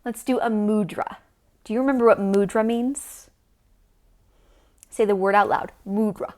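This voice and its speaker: A woman teaching a yoga class to young children, gentle and encouraging as she leads the poses. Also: medium pitch, steady tone, unhurried.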